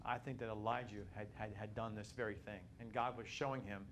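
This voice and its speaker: A man teaching a Bible study class, animated and repetitive, building to emphatic peaks. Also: lowish voice, brisk, few pauses, a little hiss or hum.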